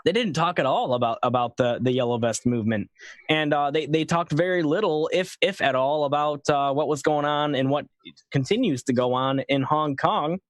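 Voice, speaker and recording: A man's voice: on the high side, normal speed, no echo. A man from the United States hosting a casual discussion, asking rambling questions full of fillers. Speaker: show host.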